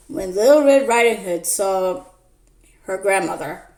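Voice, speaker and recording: A woman's voice: medium pitch, lively intonation, darkish tone. A woman telling a story in a playful, casual way and hosting her own channel. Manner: slow, playful narration. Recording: echoey room.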